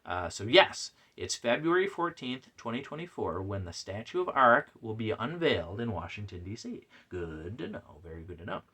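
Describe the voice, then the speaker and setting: Chatty man with a lively, bright voice. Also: on the low side, moderate pace, husky. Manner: rambling, chatty, many fillers and restarts; reads out messages with playful put-on voices. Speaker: podcast host. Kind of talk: casual solo comic review chat.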